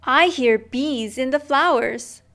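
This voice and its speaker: A woman reading a children's picture book aloud, slow and gentle, acting out the sounds in it. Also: high voice, a little hiss or hum. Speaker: storyteller.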